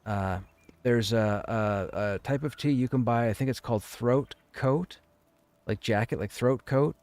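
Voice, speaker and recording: A male game streamer chatting casually in a rambling, digressive way, at a middling pitch. The sound is dry and close, with no room echo. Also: measured pace, darkish tone. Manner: rambling, conversational. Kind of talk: casual chat while streaming.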